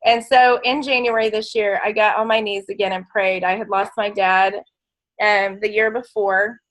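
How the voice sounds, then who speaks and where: A woman's voice: mid-range voice, flat delivery, moderate pace, low-quality recording. A middle-aged woman leading a motivational business training, telling her story in a heartfelt, emotional way. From United States. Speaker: network marketing leader.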